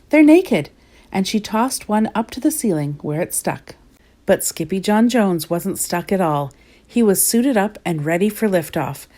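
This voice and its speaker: Woman reading a children's storybook aloud. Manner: lively, voices the characters with big pitch jumps. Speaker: storybook reader. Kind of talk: children's picture book read-aloud.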